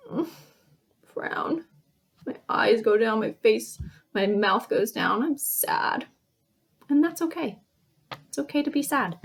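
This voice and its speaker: A woman teacher reading a picture book to young children, acting out each feeling with gasps, sighs and shouts. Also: on the high side, vocal fry.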